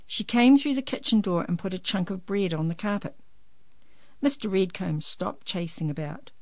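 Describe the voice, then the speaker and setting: A woman reading a children's picture book aloud in an expressive, lively storytelling manner. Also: medium pitch, moderate pace, dry recording.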